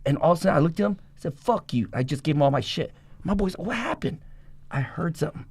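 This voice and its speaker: A middle-aged man telling a rough life story in an interview, in a rapid, profane and animated way. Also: fairly high pitch, no echo. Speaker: guest.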